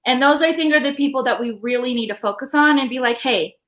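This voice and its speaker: A young adult woman hosting a podcast live stream, telling stories in a chatty, animated way. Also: high voice, fast talker. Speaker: podcast host. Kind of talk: casual live-stream chat.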